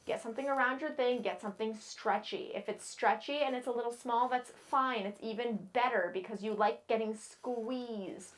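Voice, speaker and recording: Young woman, rather high voice, casual frank vlogger from New England, chatty with playful asides. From New England, United States. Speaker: model and vlogger. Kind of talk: casual chat to camera.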